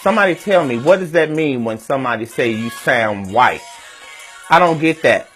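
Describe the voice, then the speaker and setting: A man's voice: fairly high pitch, expressive, fast, fairly bright tone, soft background music. A man with a Southern US accent hosting a web series, talking candidly and casually to his viewers and asking them questions.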